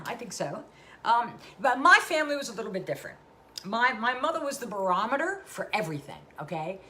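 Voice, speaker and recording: A woman's voice: a little high, sharp tone. A middle-aged woman hosting a live-streamed talk show, effusively calling out viewers by name.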